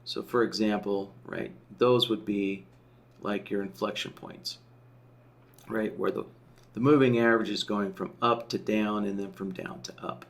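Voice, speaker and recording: A man teaching a software tool in a screen-share tutorial, explaining step by step and often checking in with "right?" while he thinks aloud. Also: fairly low pitch, steady tone, measured pace, vocal fry. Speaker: software trainer.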